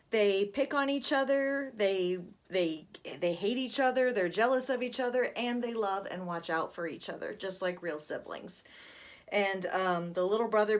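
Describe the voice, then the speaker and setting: Woman chatting about a horror comic she loves, lots of likes and ums, mid pitch. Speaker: book reviewer. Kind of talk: casual book talk with read-aloud.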